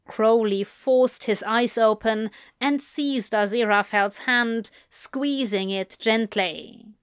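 A woman narrating a fan fiction story in a calm, unhurried way. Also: a little high, clean tone, no echo, studio quality.

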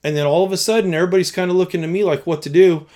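A man, a youth pastor, tells a story in conversation, acting out his own past lines, swinging between loud bursts and hushed tones. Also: high voice, steady tone, very fast.

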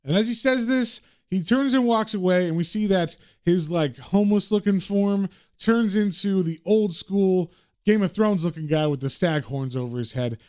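A man hosting a casual comic book recap, retelling the story in a chatty, relaxed way. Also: sits high, moderate pace.

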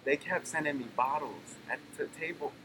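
A man in casual conversation, telling relaxed travel anecdotes. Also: on the high side, normal speed. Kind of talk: casual chat. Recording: noisy background.

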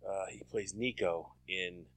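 A man in casual chat, recalling details haltingly and repeating words. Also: deep voice, steady tone, a bit bright, no echo.

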